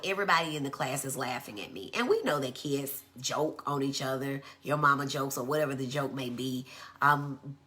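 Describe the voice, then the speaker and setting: A woman gives a conversational teaching talk in a low voice. Her tone is bright and forceful. She acts out quoted speech in a high voice. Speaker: physician giving a talk. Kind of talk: live-streamed educational talk. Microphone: phone.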